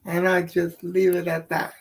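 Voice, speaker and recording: A woman's voice: on the low side, completely flat delivery, normal speed, husky. A woman co-hosting a casual live stream, blunt and sweary, who laughs often.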